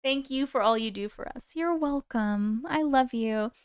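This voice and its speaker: A young woman hosting a casual livestream, chatty and excitable with her viewers and swearing freely. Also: fairly high pitch, unhurried, smooth, no echo, clean studio sound. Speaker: livestream host.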